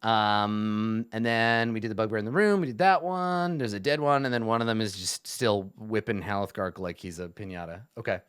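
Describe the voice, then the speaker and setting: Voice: mid-range voice, steady tone, normal speed, hardly any pauses, smooth. A game master narrating a tabletop game in a rambling way, full of fillers.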